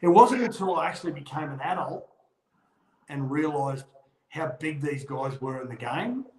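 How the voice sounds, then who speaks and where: A middle-aged Australian man who once played rugby league tells stories in a casual chat, animatedly acting out the voices of people he quotes. His voice is a little high and moves at a moderate pace. The recording is poor, with an echoey room.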